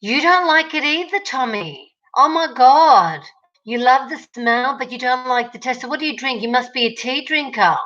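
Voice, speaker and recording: A woman with an Australian accent hosts a casual livestream from her home kitchen, reading viewer comments, chatting, and greeting people by name. Her high voice is fairly bright, with lively intonation and a moderate pace. The audio is dull.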